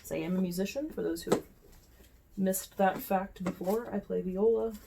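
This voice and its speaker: A woman's voice: medium pitch, moderate pace, creaky, noisy background. A woman, chatting casually to her phone camera while showing cross-stitch projects, often correcting herself. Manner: chatty, self-correcting, talks to herself while handling items. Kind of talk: casual show-and-tell chat.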